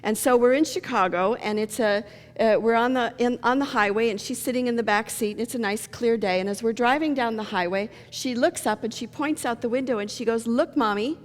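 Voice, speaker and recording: A woman's voice: fairly high pitch, a little fast. Woman preacher telling jokes in a church. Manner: storytelling with jokes. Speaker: pastor. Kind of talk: sermon. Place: church sanctuary. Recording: long church reverb.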